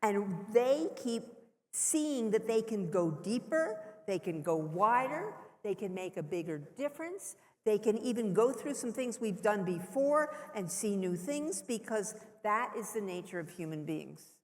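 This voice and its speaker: A woman's voice: mid-range voice, very animated, measured pace. Woman on a conference panel, talks with real conviction, echoey hall. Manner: emphatic, conviction-driven.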